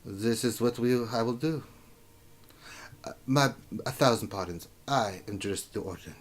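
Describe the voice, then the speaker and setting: A smug dark elf swordsman speaks quietly and formally, with his voice held low and hushed, played by a man at his table. His polished manner comes across as courtly and aloof. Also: unhurried, lightly acted. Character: haughty dark elf male trainer.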